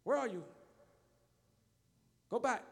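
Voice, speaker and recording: A man preaching a sermon as pastor, swinging between fervent shouts and low muttering. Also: lively intonation, takes it slowly, gravelly, long reverb tail. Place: church.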